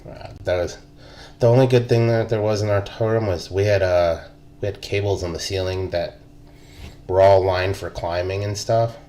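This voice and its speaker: Deep-voiced laid-back veteran storyteller. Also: male voice, steady tone, normal speed, mellow, slight background noise. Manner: laid-back, profane, laughs through stories. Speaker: podcast co-host, army veteran. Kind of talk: casual chat, storytelling.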